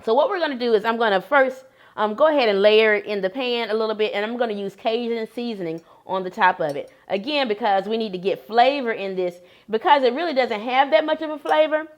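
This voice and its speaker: A woman co-hosting a cooking demonstration, explaining steps in a calm, explanatory way. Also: a little high, fairly quick, muffled recording.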